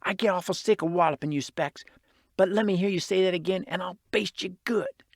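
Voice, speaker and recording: A man voicing an energetic young orphan boy from the city who talks in excited street slang. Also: high-pitched, a little fast, dry recording, studio quality, voice pushed up. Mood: eager, bossy.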